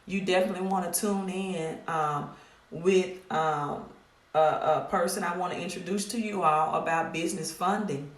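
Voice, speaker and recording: A woman's voice: fairly low pitch, normal speed. Middle-aged woman with a Mississippi accent, host on a live stream, direct and scolding, repeats herself, roomy echo. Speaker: credit repair business owner hosting a live stream. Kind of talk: casual live stream pitch. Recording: echoey room.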